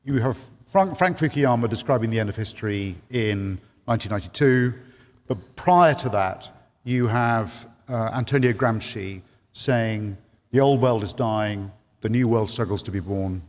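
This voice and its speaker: A man's voice: fairly low pitch, moderate pace. Hesitant man moderating in a hall. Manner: hesitant, with many ums and restarts. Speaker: panel moderator. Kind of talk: conference panel introduction. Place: large conference hall. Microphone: handheld microphone. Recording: long hall reverb.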